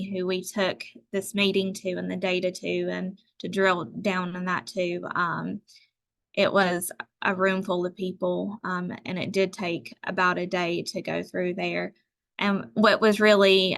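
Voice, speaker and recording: Heldere vrouw op een videogesprek. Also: female voice, fairly low pitch, gravelly, sharp tone. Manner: conversational, many fillers. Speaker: tribal health department presenter. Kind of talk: webinar talk.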